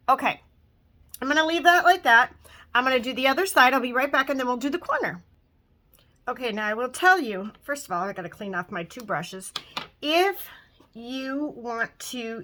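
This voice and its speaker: Bright-voiced chatty woman in her fifties. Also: on the high side. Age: 50s. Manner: chatty, talks while working, trails off with fillers. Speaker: makeup vlogger. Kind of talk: casual makeup tutorial.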